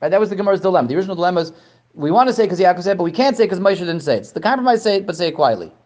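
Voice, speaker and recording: Animated man teaching a class. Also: sits high, very fast. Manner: animated, repeats words, asks questions. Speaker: Torah teacher. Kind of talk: lecture to a class.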